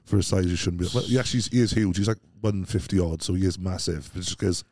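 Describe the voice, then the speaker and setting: A Welsh man, guesting on a podcast in a casual interview, tells rambling, self-doubting stories and swears bluntly. His voice is low-pitched and a little mellow, and he talks quickly.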